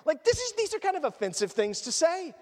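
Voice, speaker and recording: High-voiced pastor preaching in a reverberant hall. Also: male voice, a little fast. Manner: animated, joking asides. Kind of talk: sermon. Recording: long reverb of a large room.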